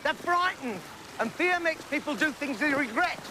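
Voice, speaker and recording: An actor playing a local lawman who speaks in a calm, earnest tone. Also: extremely high pitch, normal speed. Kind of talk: film acting. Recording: outdoor film audio with clear noise.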